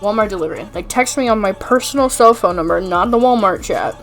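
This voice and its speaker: A woman's voice: a little high, a little fast, soft background music. Exasperated swearing young woman streamer. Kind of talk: casual storytelling rant.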